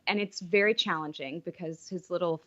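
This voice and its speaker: Female guest, 30s; earnest, reflective, halting; slightly low voice; dull lo-fi remote sound. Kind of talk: casual interview chat.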